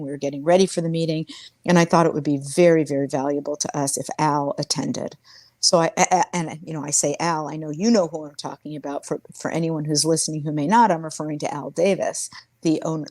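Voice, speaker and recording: A woman in her sixties, a former sports team executive, appears as an interview guest and tells stories conversationally. Her voice is low and somewhat dark, recorded dry, and she speaks earnestly and reflectively, frequently restarting sentences.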